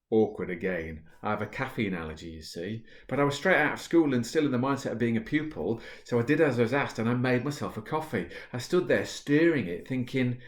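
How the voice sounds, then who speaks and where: Male author-speaker, deeper voice, easygoing chat that moves into a storytelling read, roomy echo. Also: brisk, few pauses. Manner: relaxed and chatty with fillers, reading at an easy, storytelling pace. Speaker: positive psychology author and speaker. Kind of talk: casual talk to camera, then reading a book passage aloud. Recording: roomy, echoey room.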